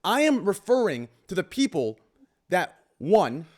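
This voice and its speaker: A man's voice: high voice, sing-song, measured pace, darkish tone. A man hosting a podcast, arguing his point in a heated, emphatic debate with frequent swearing. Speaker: podcast host.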